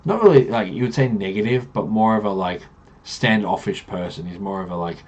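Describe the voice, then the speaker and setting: A man's voice: fairly low pitch, brisk, a little mellow, highs cut off. A man, a game master recapping a tabletop campaign in loose, rambling storytelling.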